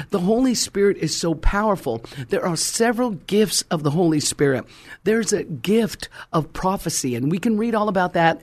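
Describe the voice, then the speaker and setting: A man's voice: on the high side, darkish tone. A man preaching a fervent sermon, emphatic and calling out to his congregation.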